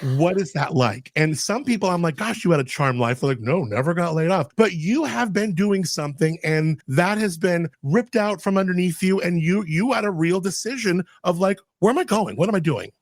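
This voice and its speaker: A man's voice: high-pitched, moderate pace, hardly any pauses, no echo. Chatty man hosting a podcast, dry sound. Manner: chatty, animated storytelling with quoted dialogue. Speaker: podcast host. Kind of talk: casual podcast interview.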